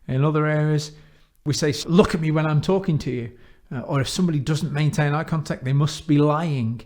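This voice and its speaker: A man giving an instructional talk on coaching, measured and deliberate, slowing down to stress key phrases. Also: mid-range voice, a little mellow. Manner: measured, with emphatic slowed phrases. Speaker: coaching trainer.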